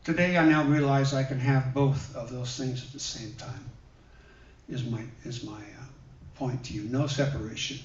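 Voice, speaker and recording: Man preaching gently in an echoey hall. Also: medium pitch, steady tone. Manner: gentle, conversational, with many pauses and fillers. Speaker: guest minister. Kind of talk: sermon with personal stories. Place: church hall. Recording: roomy, dull sound from a distant mic.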